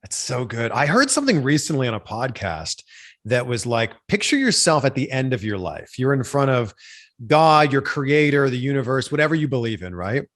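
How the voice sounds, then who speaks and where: An enthusiastic male host in a podcast interview, with a mid-pitched voice. His pitch swings widely as he talks, expressive and eager. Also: normal speed.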